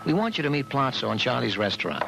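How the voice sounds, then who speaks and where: An actor voicing a tough, streetwise mob lieutenant in a 1970s cartoon. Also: male voice, medium pitch, big pitch swings, fast, vocal fry, heavy background noise. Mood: blunt. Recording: cartoon soundtrack with loud music.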